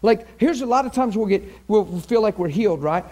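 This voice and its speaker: A man teaching a class on faith healing in a lively, conversational way, often acting out what people say and pray. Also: high-pitched, brisk. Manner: animated, acts out quoted prayers and voices. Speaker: ministry teacher.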